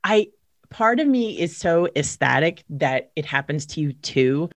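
A woman's voice: low voice, lively intonation, unhurried, no room sound, studio quality. Chatty American woman podcast host. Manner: chatty, playful, laughs along. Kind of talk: casual interview.

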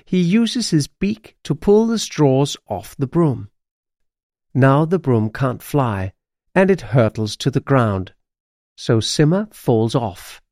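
Slow, expressive male storyteller. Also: mid-range voice, dry recording, clean studio sound. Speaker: audiobook narrator. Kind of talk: children's audiobook narration.

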